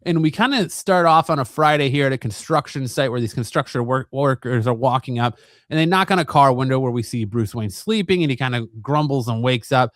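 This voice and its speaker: A man hosting a comic review channel, retelling a comic's plot in a relaxed, rambling way with lots of fillers. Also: mid-range voice, a little fast, no room sound, studio quality. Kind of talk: casual comic book recap.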